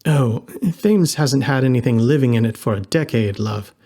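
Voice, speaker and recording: A man's voice: medium pitch, normal speed, warm tone, close to an everyday voice. A man reading an audiobook, voicing a cheeky, mischievous helper who talks breezily. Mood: breezy.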